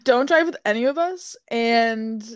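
A young woman co-hosting a podcast in casual, slangy chat with quick back-and-forth. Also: a little high, smooth, no room sound. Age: young adult. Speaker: podcast co-host.

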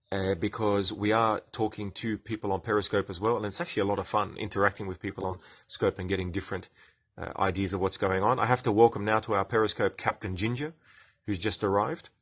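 A low-voiced Australian man with a slightly husky edge hosts a chatty science podcast. He explains with enthusiasm and breaks off now and then to greet live viewers. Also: fairly even intonation, fairly quick, fairly bright tone. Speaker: podcast host.

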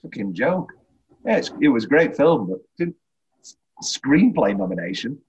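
A man co-hosting a casual film podcast, blunt and sweary, with a husky voice. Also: mid-range voice, big pitch swings, moderate pace, darkish tone, dull audio, slight background noise. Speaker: podcast co-host.

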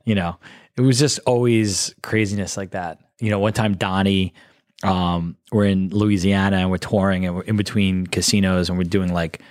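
A man with a very low voice tells rambling, animated stories and acts out what people said. The sound is dry and close to the mic, with no room around it. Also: moderate pace, no room sound. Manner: rambling, animated anecdotes with acted quotes. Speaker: guest, live show producer. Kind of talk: casual storytelling.

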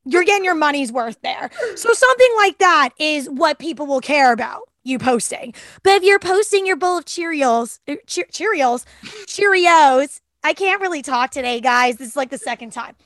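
A woman's voice: high-pitched, expressive, brisk, few pauses, a bit bright, no echo, studio quality. A woman co-hosting a podcast in casual, enthusiastic chat, often tripping over her words. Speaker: podcast co-host.

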